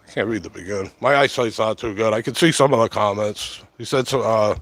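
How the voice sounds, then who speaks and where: A man's voice: fairly low pitch, fairly quick, a bit bright, dry recording. A middle-aged man chatting casually and meandering on a livestream, talking close to a short-corded mic at his camera at home. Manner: chatty, meandering, lots of fillers. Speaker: livestream host. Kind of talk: casual rambling livestream chat. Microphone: short-corded mic right at the camera.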